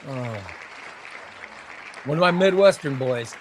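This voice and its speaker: A man's voice: mid-range voice, animated, slow pace, a faint crowd, slight background noise. A man hosting a casual comic book livestream, chatting with viewers and calling out names as they are eliminated from a giveaway wheel. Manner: chatty, exclaims at each elimination.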